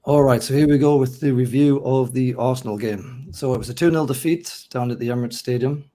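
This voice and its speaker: A hoarse man with a mixed North East English accent hosts a casual football podcast. His voice sits mellow and dark, with a rough throat. He chats in a self-mocking way and reads through lists steadily. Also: medium pitch, a little fast, slight background noise. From North East England. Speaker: podcast host.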